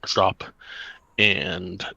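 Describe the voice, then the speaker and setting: A man narrating as game master of a tabletop game, unhurried and halting with many fillers. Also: low voice, steady tone, vocal fry, sharp tone, dry recording.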